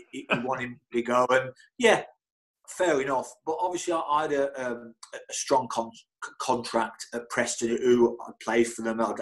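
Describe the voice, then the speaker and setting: Middle-aged man telling lively stories. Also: medium pitch, low-quality recording. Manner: lively storyteller, stammers and repeats words. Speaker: football club physio, guest. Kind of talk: anecdotal interview storytelling.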